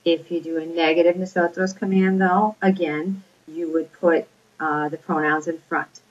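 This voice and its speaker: A woman's voice: on the low side, level tone, normal speed. A woman teaching a Spanish grammar lesson, explaining patiently step by step and checking in with her students. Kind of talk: recorded classroom lecture. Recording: dull lo-fi recording.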